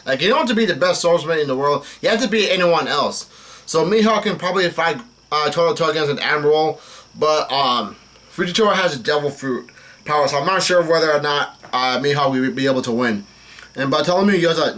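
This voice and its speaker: Reading a comic aloud live, this young man speaks a little fast in a bright, forceful voice pitched a touch high. His take on the dialogue is plain and flat, and he fumbles names, often stopping with "uh" or "um" before carrying on in this casual manga reaction.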